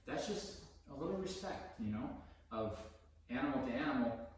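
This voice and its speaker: A man working as a dog trainer, explaining his methods casually during a session and breaking into high, excited praise for the dog. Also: moderate pace, far from the mic, background noise. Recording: echoey room, voice from off the mic.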